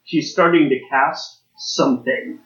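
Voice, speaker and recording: A man's voice: mid-range voice, fairly even intonation, measured pace, creaky, fairly bright tone. A man narrating as game master of a tabletop role-playing game, loose and rambling with restarts. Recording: echoey room, dull lo-fi sound.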